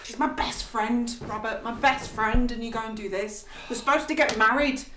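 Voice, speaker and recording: An actress playing a betrayed young fiancee, bitter and shouting accusations. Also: female voice, a little high, moderate pace, close to an everyday voice. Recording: roomy, noisy.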